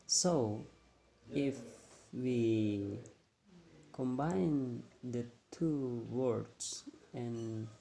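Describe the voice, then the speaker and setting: A young man whose first language is Indonesian, giving a classroom-style explanation as a student presenter, halting and repeating words as he goes. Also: medium pitch, creaky, dark tone, a little hiss or hum. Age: young adult.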